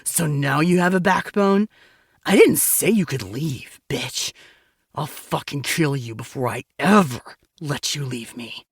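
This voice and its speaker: A woman voicing a drunk, menacing man, gravelly. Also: measured pace, no echo, clean studio sound, full character voice. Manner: slurred, snarling, low.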